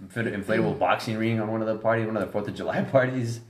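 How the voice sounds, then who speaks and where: Deep-voiced fast-talking guy. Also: darkish tone, reverberant. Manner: laid-back, profane slang. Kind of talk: casual chat.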